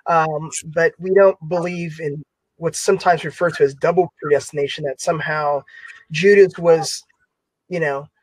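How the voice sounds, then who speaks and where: A man's voice: a little high, fairly even intonation, moderate pace, dry recording, rough recording. A man hosting an online Bible class discussion, talking casually with many fillers. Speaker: class host.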